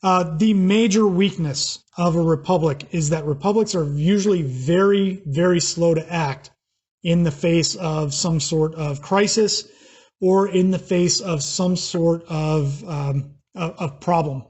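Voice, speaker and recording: American man, teacher, slightly raised pitch with a husky edge, plain lecture delivery. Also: measured pace, darkish tone. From United States. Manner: plain explanatory, with fillers and restarts. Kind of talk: recorded class lecture.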